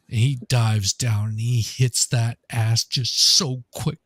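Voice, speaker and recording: A man's voice: medium pitch, fairly even intonation, takes it slowly, few pauses, a bit bright, husky, dry recording, studio quality. A man co-hosting a casual podcast, telling jokes and anecdotes with quoted mock voices. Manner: easygoing joke-teller, slips into mock quoted voices. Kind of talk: casual chat.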